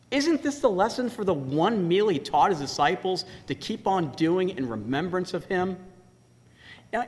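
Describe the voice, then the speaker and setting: A man preaching a sermon as pastor, animated and emphatic, slowing down to stress key words. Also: fairly high pitch, in a large hall.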